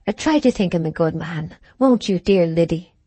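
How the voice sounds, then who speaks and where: A woman's voice: fairly low pitch, lively intonation, moderate pace, dark tone, slightly rough, no room sound. A woman voicing a proud, passionate young woman farmer in an audiobook, speaking in heightened, emotional period dialogue. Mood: pleading.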